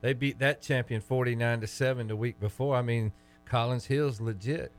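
Teasing Southern-accented radio co-host. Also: male voice, medium pitch, steady tone, normal speed, soft background music. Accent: Southern American. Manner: teasing, argumentative banter. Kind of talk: sports talk radio banter.

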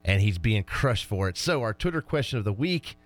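A man hosting a sports talk radio show, talking with fired-up energy about high school and college football. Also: lively intonation, fairly quick, soft background music.

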